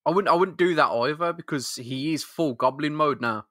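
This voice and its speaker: A man's voice: a little high, normal speed, a bit bright, no room sound, clean studio sound. A man co-hosting a podcast, trading slangy, laughing banter about a comic. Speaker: podcast co-host. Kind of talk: casual comic chat.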